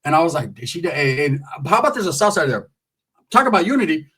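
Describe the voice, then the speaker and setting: A middle-aged man telling a comic street story, animated and profane. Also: on the high side, quick pace, slightly rough.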